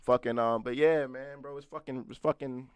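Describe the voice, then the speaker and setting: A man's voice: medium pitch, fairly even intonation, moderate pace, clean tone, no echo. A man in his twenties co-hosting a podcast, chatting loosely and profanely, laughing often and talking to the live chat. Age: 20s. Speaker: podcast co-host. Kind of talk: casual chat.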